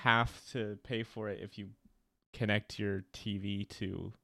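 Laid-back lower-voiced young man. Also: level tone, measured pace, gravelly, pushed and bright, dry recording. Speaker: podcast co-host. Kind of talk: casual chat.

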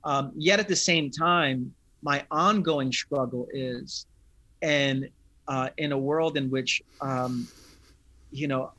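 A man, a pastor, talking in an interview in an earnest, thoughtful, unhurried way. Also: mid-range voice, bright, forceful tone, no room sound. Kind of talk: reflective interview talk.

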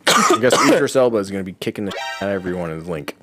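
A man's voice: low-pitched, huge pitch swings, rapid-fire, a bit bright, soft background music. Laid-back male podcast co-host. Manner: laid-back, laughs often, trails off. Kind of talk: casual comedy chat.

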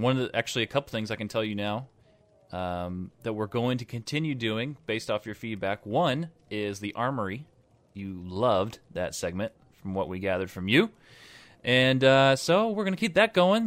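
A man co-hosting a podcast, chatting casually and excitedly, joking and laughing often. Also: mid-range voice, smooth, no echo. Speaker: podcast co-host. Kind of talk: casual chat.

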